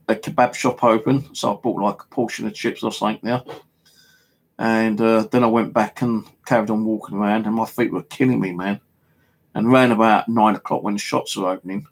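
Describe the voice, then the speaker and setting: Man, English accent, husky gravelly voice, rambling casual monologue, fillers, swearing. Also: fairly low pitch. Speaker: paranormal vlogger. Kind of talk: casual storytelling. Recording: home video monologue.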